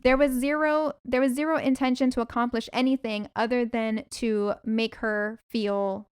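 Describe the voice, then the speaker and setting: Podcast co-host, woman with a high voice, emphatic, indignant, casual chat. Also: steady tone, moderate pace, clear, resonant tone. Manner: emphatic and indignant, heavy filler "like".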